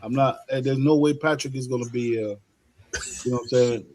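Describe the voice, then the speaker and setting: A man's voice: medium pitch, steady tone, a little fast, a little mellow. A man on a casual podcast who talks in a playful, teasing, slangy way.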